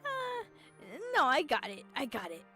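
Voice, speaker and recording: High-voiced young woman streamer. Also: normal speed, music in the background. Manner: emotional, teary reactions, casual swearing. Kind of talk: reading a romance game aloud while playing.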